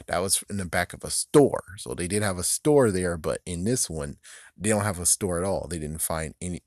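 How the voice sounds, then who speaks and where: Man, casual recap commentary, rambling, lowish voice, dry close sound, chuckles a lot. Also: no echo. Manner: rambling, animated, laughs often, mimics characters in raised voice. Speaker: video commentator.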